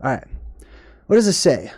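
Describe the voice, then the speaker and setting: A man's voice: mid-range voice, wildly swooping pitch, moderate pace, darkish tone, husky, no echo, clean studio sound. A man hosting a casual commentary vlog, ranting to viewers in an irritated, conversational way and swearing freely. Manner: conversational, talks straight to viewers. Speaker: host.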